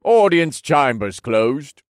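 A man voicing a fussy male guard leader who talks in a high, startled, defensive way in an audiobook. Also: very animated, takes it slowly, no room sound, clean studio sound. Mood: officious.

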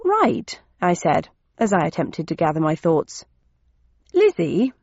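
A woman's voice: low-pitched, fairly even intonation, moderate pace, mellow, no echo. Brief: woman audiobook narrator, wry, close studio mic, slightly dull sound. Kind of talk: first-person novel narration.

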